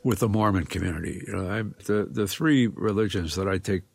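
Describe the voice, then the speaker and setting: A man's voice: low voice, vocal fry, darkish tone, slightly rough, no echo. A man speaking as an interview guest, thoughtful and reflective, often restarting his sentences. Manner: thoughtful, halting, many restarts. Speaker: guest, philosopher and educator.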